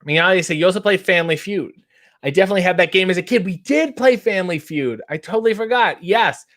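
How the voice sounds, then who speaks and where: A man in his thirties, hosting a casual chat and reading out viewer comments with wry, animated delivery. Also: high-pitched, fast. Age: 30s. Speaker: host.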